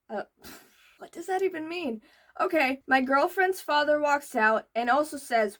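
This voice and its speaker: A young woman hosting a reaction video, reading posts aloud and breaking in with loud, exasperated outbursts. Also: high-pitched, animated, measured pace, long pauses.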